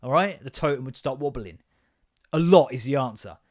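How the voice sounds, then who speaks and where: A man hosting a podcast, telling rambling, sweary stories in an animated, comedic monologue. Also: medium pitch, normal speed. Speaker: podcast host.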